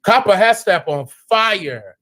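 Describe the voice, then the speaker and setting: A man with a notably high speaking voice hosts a casual live stream. He talks in loose slang, stumbling and restarting, and often leaps up into excited, incredulous exclamations. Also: takes it slowly.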